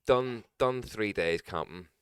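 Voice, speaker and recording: A young man, a podcast co-host, telling a sweary, animated story in casual chat. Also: fairly low pitch, slow, clear, resonant tone, dry recording, clean studio sound.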